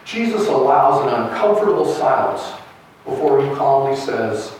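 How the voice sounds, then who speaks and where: A man's voice: medium pitch, animated, normal speed, darkish tone, slight background noise. A man preaching a sermon as pastor, retelling a gospel story in a storytelling way. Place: church sanctuary. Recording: echoey church from a distance.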